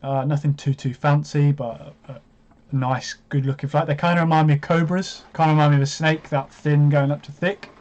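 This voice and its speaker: A man hosting a live watch-along stream, chatty and hesitant, breaking into excited reactions as he comments. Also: a little high, a little fast, highs cut off.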